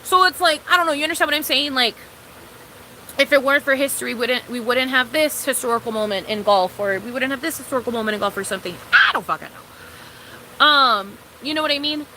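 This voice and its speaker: A woman's voice: sits high, quick pace, bright, forceful tone, slight background noise, low-quality recording. A young woman streaming a casual, rambling, profane chat with her viewers, calling them girl.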